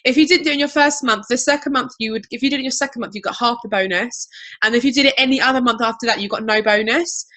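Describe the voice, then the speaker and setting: A woman telling her story on a video call, chatty and animated. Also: fairly high pitch, rapid-fire. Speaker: guest. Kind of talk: casual video-call interview.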